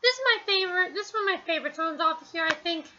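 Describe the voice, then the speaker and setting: A woman's voice: very high-pitched, rapid-fire, dull audio, noisy background. A woman from New Jersey chatting casually in a review, rambling and hesitant with lots of fillers.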